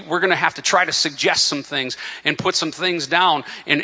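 A man preaching an impassioned sermon, often stumbling and restarting as he builds to near-shouting. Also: on the high side, in a large hall, dull audio. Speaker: pastor.

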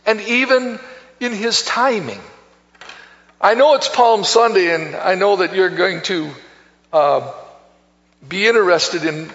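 A man preaching a sermon as pastor, slow and emphatic, reading scripture and building to shouts. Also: high voice. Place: church sanctuary. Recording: long church reverb, dull sound.

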